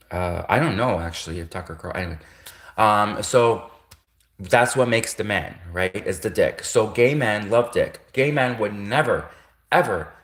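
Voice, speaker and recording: A man ranting on a casual livestream, rambling and repeating himself, with frequent restarts and chuckles, in an echoey room. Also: fairly low pitch. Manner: rambling, repetitive, with frequent self-corrections and chuckles. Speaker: livestream host.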